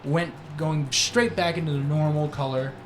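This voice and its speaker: A man's voice: fairly high pitch, fairly even intonation, normal speed. A man narrating as game master, rambling with many "like"s and "kind of"s. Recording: echoey room with background noise.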